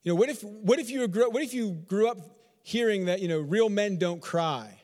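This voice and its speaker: Man, pastor, high-pitched, emphatic repetition, rhetorical questions, long hall reverb. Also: lively intonation, moderate pace, a little mellow. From Texas. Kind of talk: sermon.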